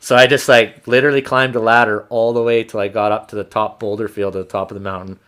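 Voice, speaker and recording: A man hosting a podcast, telling a hunting story in a casual, animated, profane way. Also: lowish voice, fast, clear, resonant tone. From Canada. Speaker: podcast host.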